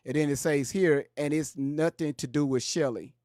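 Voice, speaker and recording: A man with hosts a livestream. He presses commenters with repeated questions, his voice sitting a bit high for a man, close and dry with no room sound. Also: moderate pace, a little mellow, no echo. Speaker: livestream host. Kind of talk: livestream talk.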